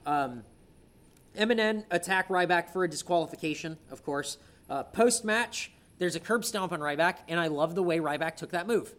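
Excitable man recapping wrestling. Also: on the high side. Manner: enthusiastic, profane, quick to tease. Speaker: podcast co-host. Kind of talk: casual wrestling recap chat.

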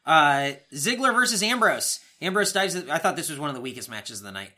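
A man's voice: a little high, a little fast. A man co-hosting a podcast, casually recapping wrestling shows with swearing and playful acted-out quotes. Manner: animated, swearing, acts out quoted lines. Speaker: podcast co-host.

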